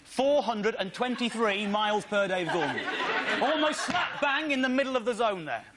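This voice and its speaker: A comedian on stage, telling an excitable, indignant comic story with slides. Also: male voice, high voice, moderate pace, over a noisy crowd, very noisy. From Britain. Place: theatre stage.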